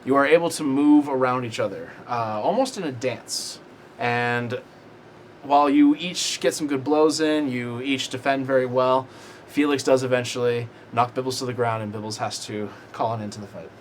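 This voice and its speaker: A man's voice: mid-range voice, fairly even intonation, normal speed, a little hiss or hum. A man narrating as game master of a tabletop game, casual and easily thrown off. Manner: laughing, flustered by his own slipping accent.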